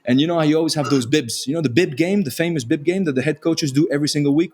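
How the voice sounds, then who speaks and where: A man with a French accent, a former rugby player and podcast guest, telling self-deprecating stories in animated casual chat. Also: fairly high pitch, racing, few pauses. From France. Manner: self-deprecating, animated storyteller with frequent restarts.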